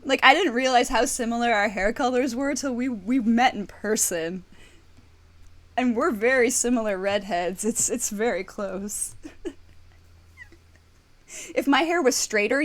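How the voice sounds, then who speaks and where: A young woman talking casually to her viewers, teary and laughing, rambling with many restarts. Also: fairly high pitch. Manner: teary, fighting back tears, laughing often. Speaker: streamer. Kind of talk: casual emotional chat to viewers.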